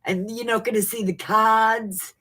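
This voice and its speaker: A woman giving a live-streamed tarot reading on a webcam, flustered and apologetic about her setup before settling into steady predictions. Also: on the high side, unhurried. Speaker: tarot reader.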